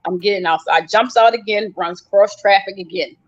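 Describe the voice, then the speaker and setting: A woman's voice: medium pitch, a little fast. A woman guest on a live panel recounting her story vividly, acting out her own cries for help. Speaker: guest survivor. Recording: dull lo-fi livestream audio.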